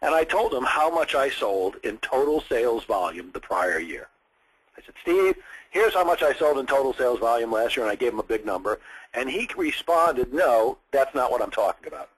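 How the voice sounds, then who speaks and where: A man's voice: mid-range voice, moderate pace, husky, low-quality recording. A man telling a story from his sales career in a training session, acting out other people's lines as he goes. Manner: animated storyteller, acts out quoted voices.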